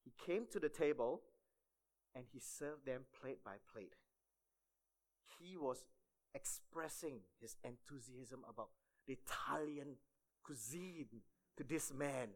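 A man's voice: mid-range voice, slow, long pauses. A man preaching a sermon to fellow church volunteers, telling a story and often checking in with "okay?". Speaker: church staff member preaching.

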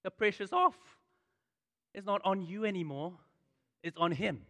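Preaching a sermon with passion, this man repeats phrases for emphasis. His voice sits high with a fairly bright tone, and he takes his time. The recording carries the long reverb of a large hall.

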